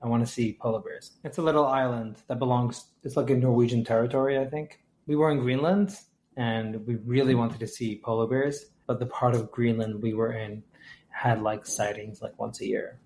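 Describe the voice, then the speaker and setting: Relaxed eager male podcast guest. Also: medium pitch, moderate pace. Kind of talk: casual podcast interview.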